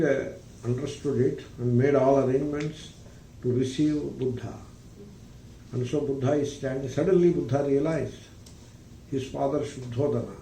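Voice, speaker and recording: A man, a spiritual teacher, giving a philosophy discourse in a deliberate, emphatic way, with rhetorical questions. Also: mid-range voice, warm tone, a little hiss or hum. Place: retreat ranch hall. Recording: roomy, distant mic, faint ambience.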